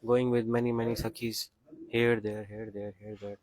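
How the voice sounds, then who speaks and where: A man translating a devotional discourse in an earnest, repetitive way that turns lively when he retells stories. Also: lowish voice, normal speed.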